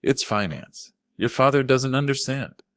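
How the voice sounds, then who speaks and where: A man's voice: medium pitch, a little slow, voice pushed up, close to an everyday voice. Man voicing a snarling, manipulative son-in-law. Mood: smooth. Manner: snarling, contemptuous.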